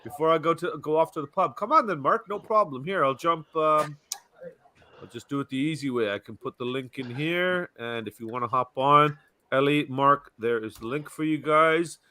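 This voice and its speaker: A man's voice: fairly high pitch, moderate pace, sharp tone. A man in his forties hosting a casual live stream, chatting and greeting viewers by name.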